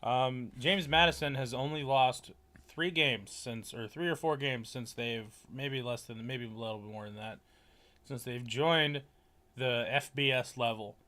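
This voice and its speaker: A man's voice: mid-range voice, measured pace, sharp tone. A young man co-hosting a casual college football podcast, joking sarcastically and swearing freely. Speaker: podcast co-host. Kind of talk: casual chat.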